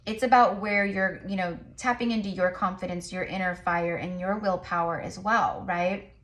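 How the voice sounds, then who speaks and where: A woman's voice: lowish voice, fairly even intonation, fairly bright tone. A woman giving a casual tarot reading to her viewers, rambling with many fillers and restarts. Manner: says she talks fast. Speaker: tarot reader.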